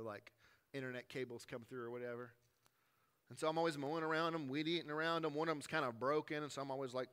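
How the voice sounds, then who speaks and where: Pastor in his thirties, bright forceful voice, emphatic yet chatty sermon delivery, loud then hushed. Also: medium pitch, clean tone. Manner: conversational, emphatic preaching, swinging between forceful and hushed.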